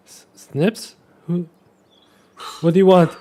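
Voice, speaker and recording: A man's voice: mid-range voice, fairly even intonation, measured pace, a little mellow, pitched above the performer's own voice, natural voice. A man voicing a nervous young man caught in a lie, stammering in a raised, anxious voice. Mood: panicked.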